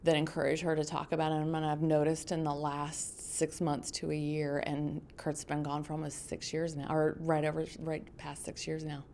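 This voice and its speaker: Brief: middle-aged woman, low gravelly voice, halting and reflective testimony, faint hiss behind. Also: monotone, a little mellow. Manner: halting, reflective, many ums and restarts. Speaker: mother sharing a testimonial. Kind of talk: personal testimonial.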